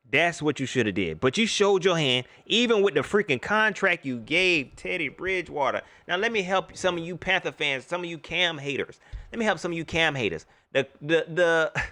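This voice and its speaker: A man's voice: on the high side, sharp tone, dry recording, clean studio sound. A middle-aged man hosting a livestream, ranting animatedly about sports and greeting viewers in the chat by name. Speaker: host. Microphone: laptop mic.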